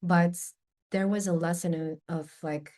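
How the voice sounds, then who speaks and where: A woman guest on a podcast telling a personal anecdote in a lively, candid way, swearing casually and openly admitting when it moves her. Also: lowish voice, a little slow. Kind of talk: conversational storytelling.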